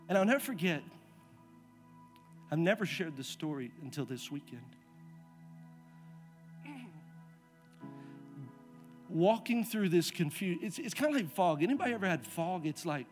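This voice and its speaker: A man with a notably high voice preaches as a pastor, dropping to near-whispered quiet and then rising to forceful emphasis. He calls out to the congregation and has them answer back. Soft music plays faintly underneath. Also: animated, normal speed, long pauses. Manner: swings from hushed to loud and emphatic, calls the congregation to respond. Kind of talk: sermon with personal story.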